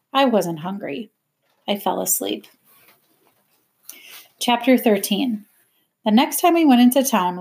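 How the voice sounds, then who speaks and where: A woman reading a novel aloud in a steady, plain first-person narration. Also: mid-range voice. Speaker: reader.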